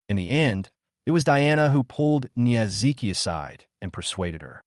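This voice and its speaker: A man's voice: medium pitch, animated, moderate pace, no room sound, clean studio sound. A man reading a scripted comic story recap as narrator.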